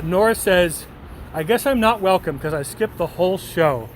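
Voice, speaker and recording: A man with a slightly high voice chats loosely with his viewers, rambling and poking fun at himself. Faint traffic hums behind him outdoors. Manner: chatty, rambling, self-deprecating, swears casually. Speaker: streamer reading chat. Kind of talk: casual chat with viewers.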